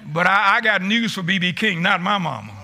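A male pastor delivers a sermon in a high, very bright, cutting voice. He calls on his congregation to respond, stumbles over and repeats his words, and swells into shouted emphasis. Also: fairly quick, vocal fry.

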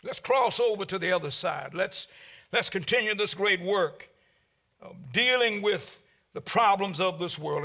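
A man preaching a sermon as pastor, with a preaching cadence that swells to shouts and drops low.

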